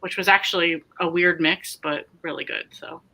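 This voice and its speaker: A woman's voice: on the low side, fairly even intonation, moderate pace, pushed and bright, rough recording. A woman hosting a casual livestream, chatting and reading out viewer comments. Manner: chatty, reads comments aloud and riffs on them. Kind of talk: casual chat.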